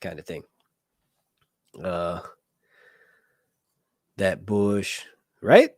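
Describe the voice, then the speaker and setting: A young man rambles and jokes crudely on his livestream. His pitch swings animatedly. The mic sound is close and dry. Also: very animated, drawn-out words, darkish tone, dry recording. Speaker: YouTube show host. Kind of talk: casual livestream chat.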